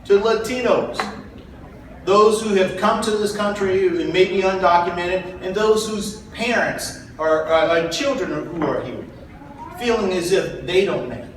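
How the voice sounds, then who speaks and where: A man's voice: high-pitched, a little slow. A man from South Carolina giving an earnest, folksy political speech to a convention crowd. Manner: earnest, folksy, rising to rallying calls. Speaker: party chair candidate. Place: large convention hall. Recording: echoey hall from far off, faint noise.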